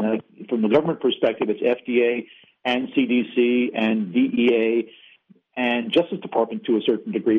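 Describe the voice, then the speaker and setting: Fast-talking man on a phone line. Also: mid-range voice, slightly rough. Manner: fluent, policy-focused, frequent "you know" fillers. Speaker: interview guest, former agency official. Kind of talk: interview on a call-in line.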